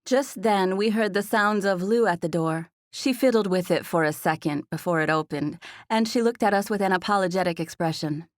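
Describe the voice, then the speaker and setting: A woman narrating a romance audiobook in the first person, with smooth, even storytelling into a close studio mic. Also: mid-range voice, moderate pace, hardly any pauses, no room sound.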